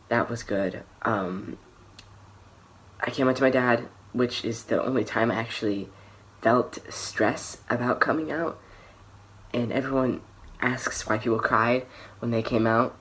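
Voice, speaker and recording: Speaking to the camera in a vlog, a young man shares a personal story with candor and hesitation, often starting over and letting phrases fade softly. His pitch is fairly low, and there's slight background noise.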